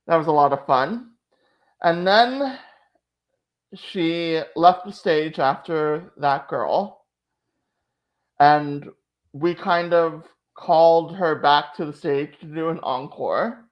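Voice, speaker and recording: A woman hosting a channel gives a casual chat recap, emotional and full of "like" fillers. Her voice is low and she takes it slowly, and the audio sounds dull.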